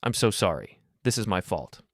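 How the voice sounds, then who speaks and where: A man's voice: lowish voice, very animated, normal speed, no room sound, clean studio sound. A man voicing a tired, guilt-ridden adult daughter in a storybook narration, in a pleading, weary manner. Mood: tearful.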